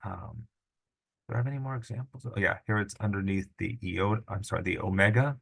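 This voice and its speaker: A man's voice: fairly low pitch, brisk, gravelly, slightly rough. A middle-aged man teaching a language lesson, patiently sounding out syllables and correcting himself as he goes. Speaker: Greek teacher. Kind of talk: screen-recorded lesson.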